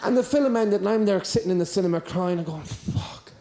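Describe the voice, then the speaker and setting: A man doing a stand-up routine, telling a long story in a deadpan style. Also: sits high, quick pace, a faint crowd. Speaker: stand-up comedian.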